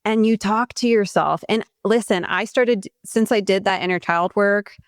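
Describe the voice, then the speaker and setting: Expressive woman podcast host. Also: mid-range voice, clear, resonant tone, dry recording, clean studio sound. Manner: emotive, quick to react, chatty and expressive. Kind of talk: podcast interview.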